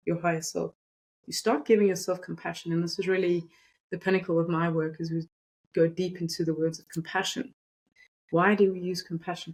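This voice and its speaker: A woman's voice: fairly low pitch, a little mellow, rough recording. A woman energy coach explaining breathing and compassion techniques in a guided, instructive way. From South Africa. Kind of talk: teaching interview talk.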